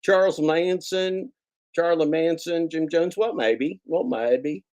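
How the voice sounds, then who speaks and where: A man rambles through casual livestream banter, circling back to the same phrases and teasing people in the chat. His voice sits a little on the high side. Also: lively intonation, measured pace, warm tone. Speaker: livestream host.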